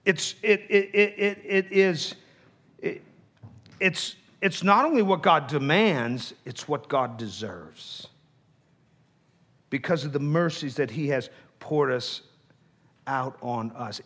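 Male pastor preaching, fairly high voice, slow and deliberate, tells stories and acts out the people in them. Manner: storytelling, acting out both sides of a quarrel; drops to a low, hushed voice for the heart of the message. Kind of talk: sermon.

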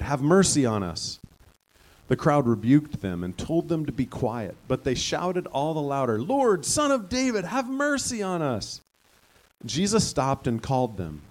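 A man's voice: mid-range voice, a little mellow. Male pastor, mid-range voice, casual conversational sermon with bursts of fervor. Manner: conversational, rising to fervent emphasis.

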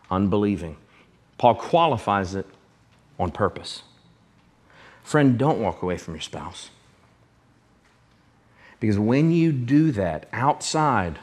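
Emphatic man preaching a sermon. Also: lowish voice. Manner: emphatic, repetitive, direct address to the congregation. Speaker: pastor.

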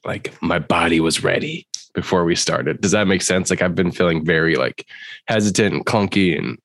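A man hosting a casual improv podcast, his voice pitched very low and roughened into a gravel by illness. He keeps an upbeat, playful tone despite the hoarseness. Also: normal speed, a bit bright. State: sick, hoarse.

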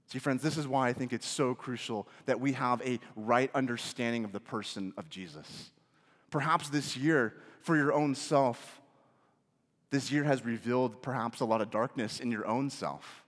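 A man preaching a sermon as pastor, rising to emphatic questions and dropping to soft, hushed phrases. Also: medium pitch, expressive, normal speed, long reverb tail.

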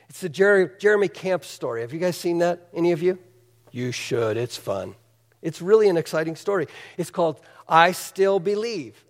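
A pastor with a notably high voice delivers a sermon, retelling a story with lively energy and drawing his listeners in with questions. His voice rings out with a long reverb through the hall. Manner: animated storytelling, asks the audience questions.

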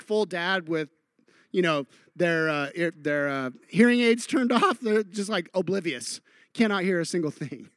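High-voiced, earnest preaching man. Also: no echo, studio quality. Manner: earnest, drops to a hushed voice on key lines; acts out quoted voices with humor. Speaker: pastor. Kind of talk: sermon.

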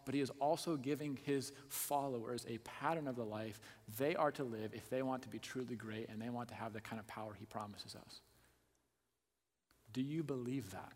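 A man preaching a sermon, asking the listeners direct questions and swinging between hushed asides and loud emphasis. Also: medium pitch. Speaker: pastor. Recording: long hall reverb.

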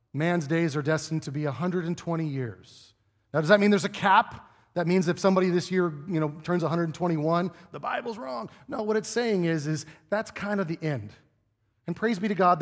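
A man's voice: a little high, lively intonation, a little fast. A pastor giving a conversational sermon in a church, often asking his listeners rhetorical questions. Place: church sanctuary. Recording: long reverb of a church hall.

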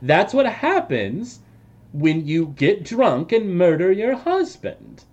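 Man, game master, hesitant, joking, slow, animated pitch. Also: dull audio. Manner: hesitant, many fillers, joking. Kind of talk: narrating a tabletop game.

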